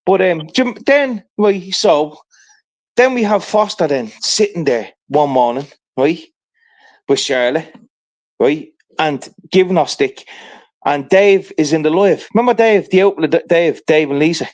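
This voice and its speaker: A man's voice: fairly high pitch, animated, unhurried, a little mellow. A man telling a rambling, profane story in casual livestream chat, peppering it with "right?".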